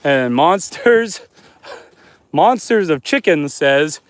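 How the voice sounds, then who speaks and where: Man, from Canada, livestreaming outdoors at night, reading chat aloud, relaxed, slightly high voice, dry close phone sound. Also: slow pace, dry recording. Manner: reads viewer comments aloud and chats back, relaxed. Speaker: homesteader livestreaming. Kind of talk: casual live stream chat. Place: outdoors at night on a snowy homestead.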